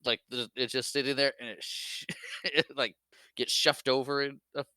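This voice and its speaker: A man co-hosting a podcast, talking casually about a film, laughing often and slipping into quick character voices. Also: medium pitch, fairly even intonation, sharp tone, dry recording. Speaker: podcast co-host. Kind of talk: casual movie chat.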